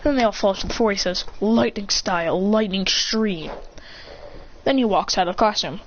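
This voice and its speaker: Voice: mid-range voice, rapid-fire, highs cut off, a little hiss or hum. A storyteller eagerly retelling an improvised fan-fiction tale in tumbling run-on sentences, full of restarts and gasps.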